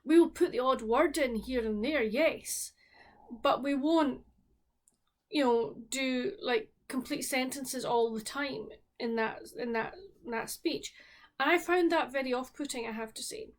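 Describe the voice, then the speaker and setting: A woman from the Scottish Highlands whose accent colours every word, with a voice pitched a little high. She talks candidly and chattily, as if to friends at her kitchen table, whether she is reviewing a book or baking. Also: a little slow. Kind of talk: casual book review and cooking chat.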